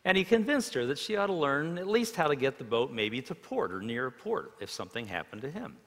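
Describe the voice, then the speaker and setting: A man's voice: medium pitch, big pitch swings, a little fast. Dramatic preacher man in a reverberant hall. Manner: dramatic, swings between loud emphasis and hushed tones; storytelling with acted quotes. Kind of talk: sermon. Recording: long reverb of a large hall.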